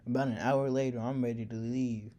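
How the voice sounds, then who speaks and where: A man's voice: mid-range voice, fairly even intonation, fairly quick, mellow. A man telling a personal story in a casual, slangy, reflective way.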